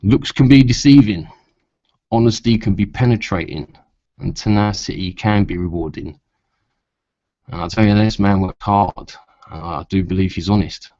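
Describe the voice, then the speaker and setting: A man's voice: fairly low pitch, moderate pace, darkish tone, dry recording. A man chatting casually to camera in a rambling way, with many asides, and swearing when riled. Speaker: vlogger. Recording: dull lo-fi sound.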